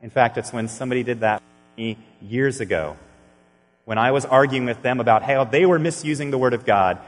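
A man's voice: mid-range voice, a little fast. A man preaching a sermon as pastor, earnestly telling stories and acting out the dialogue in them. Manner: earnest storytelling, acting out dialogue with sudden bursts. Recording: long reverb of a large hall.

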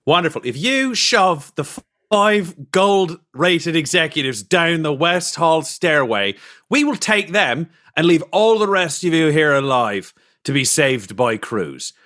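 A man's voice: on the high side, very animated, a little slow, sharp tone, full character voice. A man voicing a defiant rebel leader delivering an ultimatum. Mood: menacing. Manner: menacing broadcast ultimatum. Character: defiant male rebel leader making demands.

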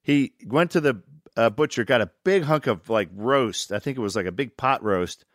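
A man's voice: medium pitch, normal speed, no echo, clean studio sound. An older man telling stories in casual conversation, swearing freely and acting out other people's lines. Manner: animated, acts out other people's lines in shouts and mimicry. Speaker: podcast guest, actor. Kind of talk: casual storytelling.

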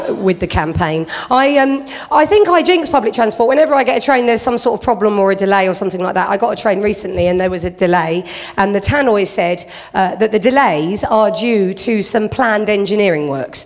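Brief: female stand-up, dry self-mocking delivery, long venue reverb. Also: lowish voice. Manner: self-deprecating, chatty, dry. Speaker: stand-up comedian. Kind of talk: stand-up routine.

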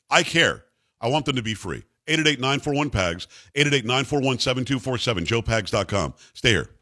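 A man's voice: mid-range voice, brisk. A man hosting a talk radio show, delivering an emphatic, opinionated monologue and mimicking other people's voices. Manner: emphatic, animated, mocking voices.

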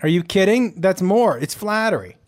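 A man's voice: high voice, big pitch swings, moderate pace. A man co-hosting a casual comedy podcast, joking around, laughing often and stammering for effect. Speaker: podcast co-host.

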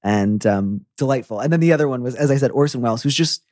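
A young adult man hosting a podcast, chatting in an effusive, animated way. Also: medium pitch, fast, no echo, studio quality. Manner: animated, effusive, breaks into quoted voices. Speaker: podcast host. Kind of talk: casual conversational chat.

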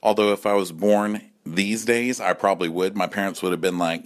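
A man's voice: low-pitched, fairly even intonation, normal speed, few pauses. A man in his forties, drunk, delivering a campy, sassy comic rant that keeps slipping into acted-out voices. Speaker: caller leaving a voice message.

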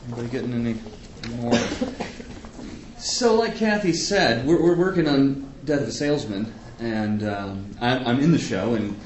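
Guy chatting to a theater crowd, lively ups and downs, echoey room. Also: mid-range voice. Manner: halting, self-deprecating, laughing. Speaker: theater education director. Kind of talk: casual remarks to an audience. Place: theater with live audience. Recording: echoey room, faint hum.

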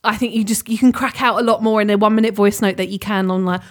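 A woman's voice: medium pitch, fairly even intonation, fast talker, hardly any pauses. A woman co-hosting a podcast in casual chat, bubbly and giggly, swearing freely. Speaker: podcast co-host.

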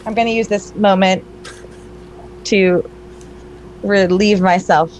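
A woman's voice: medium pitch, steady tone, slow pace, slight background noise, low-quality recording. A young woman, a player, chatting playfully as a tabletop game is set up, joking and gushing over ideas. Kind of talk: casual chat setting up a tabletop game.

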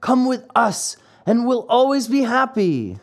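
A man's voice: very high voice, very animated, measured pace, voice pushed up, full character voice. A man voicing a brash runaway schoolboy in a storybook reading, eager and persuasive.

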